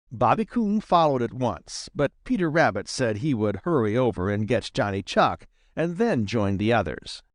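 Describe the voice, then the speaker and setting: Male audiobook narrator for a kids' story, animated delivery, dry close sound. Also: medium pitch, normal speed, hardly any pauses, no room sound. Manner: lively, expressive reading.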